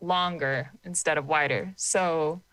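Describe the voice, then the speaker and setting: Woman from Oklahoma, guest musician; low, frank, swears freely, dry close sound. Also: steady tone, slow pace, fairly bright tone, clean tone, no room sound, rough recording. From Oklahoma, USA. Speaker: guest singer-songwriter. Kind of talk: casual podcast chat.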